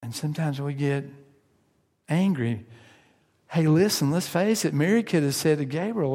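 A man delivering a sermon with a slightly high voice, talking with the congregation as much as preaching to them. He asks questions and sometimes slips into the voices of doubting listeners. His words ring out with a long reverb, as in a church hall. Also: animated, moderate pace, long pauses, warm tone.

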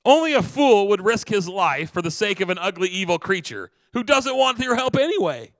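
A man voicing a scornful passerby who shouts and jeers at an old man in a story. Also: high voice, sing-song, normal speed, no echo, pitched above the performer's own voice. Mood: mocking. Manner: jeering, shouting.

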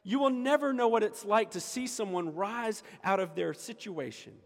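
A man's voice: high voice, normal speed. A man preaching a sermon as pastor, emphatic and repeating his key lines for the congregation. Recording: echoey hall with long reverb.

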